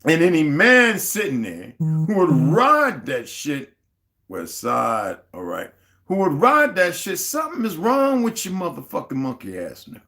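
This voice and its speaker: A man's voice: a little high, wildly swooping pitch, unhurried, pushed and bright. A man hosting a livestream, ranting in a heated, profane way and greeting viewers from the chat. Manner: greets viewers and reads their chat comments aloud. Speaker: livestream host. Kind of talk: unscripted livestream rant.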